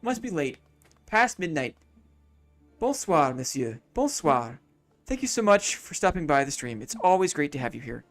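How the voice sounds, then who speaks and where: A man's voice: on the high side, very animated, fairly quick, a bit bright, soft background music. A man streaming a city-building game, thinking aloud in casual commentary, repeating his own phrases and chatting to viewers between moves.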